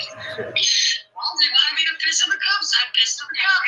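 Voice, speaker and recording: A woman's voice: high voice, animated, takes it slowly, bright, forceful tone, soft background music, poor audio. A woman in her thirties telling a personal story in casual talk, blunt and full of swearing, acting out the people she met. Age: 30s. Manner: blunt and heavily profane, acts out the other people in her story.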